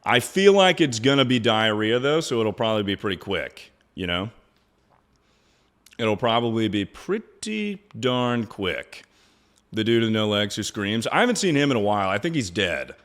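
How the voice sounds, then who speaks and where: A man's voice: lowish voice, sing-song, moderate pace, fairly bright tone. A young man streaming live, chatting casually in a rambling, crude way and laughing often.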